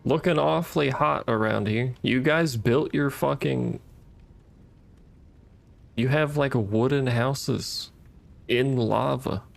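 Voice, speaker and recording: A man's voice: medium pitch, slow, vocal fry, pauses often. A man giving casual gameplay commentary, wry and profane, talking back to the enemies on screen. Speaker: gaming streamer.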